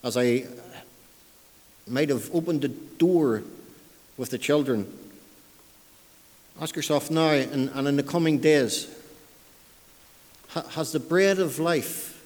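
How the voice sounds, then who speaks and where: Preacher in echoing church. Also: male voice, on the high side, slow, long pauses, darkish tone. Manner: conversational, repeats words, dialect grammar. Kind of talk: sermon.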